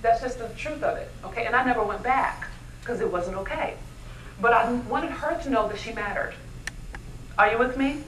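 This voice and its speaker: A woman giving a motivational keynote speech at a luncheon, animated and constantly asking the audience questions. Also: fairly high pitch, moderate pace, a little hiss or hum. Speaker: keynote speaker. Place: luncheon event hall. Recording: echoey hall, mic from far off.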